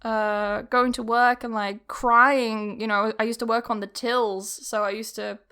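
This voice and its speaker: A woman's voice: fairly high pitch, level tone, measured pace, bright, forceful tone, clean tone. A young woman hosting a podcast, telling personal stories in a rambling, casual, confessional way, laughing often. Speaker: podcast host. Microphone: camera recording.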